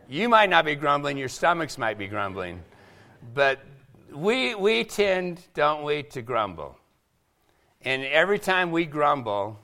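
Bright-voiced animated male preacher. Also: mid-range voice. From Seattle. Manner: animated, acts out quoted voices. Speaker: pastor. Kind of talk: sermon.

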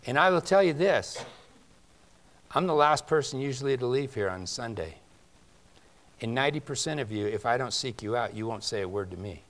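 Male pastor, mid-pitched, conversational sermon delivery, shifts from loud emphasis to quiet asides. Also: lively intonation, normal speed, pauses often. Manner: conversational preaching with rhetorical questions to the congregation.

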